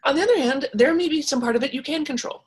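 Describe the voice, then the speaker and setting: A woman hosting a casual advice talk, reading viewer comments and answering them in an animated, frank way with many restarts. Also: high-pitched, fast talker.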